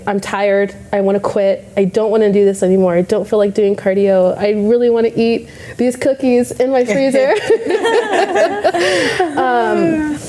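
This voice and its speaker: A woman's voice: medium pitch, dark tone. A young adult woman, a bodybuilding competitor, telling a story casually and acting out her own past thoughts.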